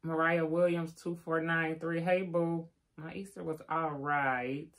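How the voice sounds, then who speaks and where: An older woman doing live shout-outs reads viewer names on her stream, chatting casually and teasing along the way. Her delivery is low-pitched, flat, and unhurried.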